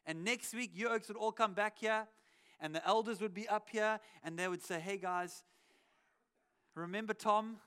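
A man's voice: high voice, moderate pace, sharp tone, clean tone. A man preaching a sermon in a church, talking conversationally through a cheek mic, acting out quotes with wry asides. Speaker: pastor. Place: church auditorium. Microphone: cheek headset microphone.

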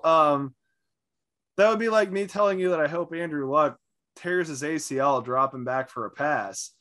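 This podcast co-host, a man in his thirties on a casual sports talk show, tells lively stories and acts out the quotes. His pitch is on the high side, with a moderate pace.

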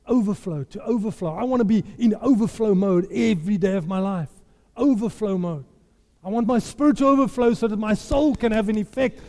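With a warm voice that sits high, a pastor delivers a fervent, emphatic sermon, echoing his own phrases for effect. The recording carries a long hall reverb.

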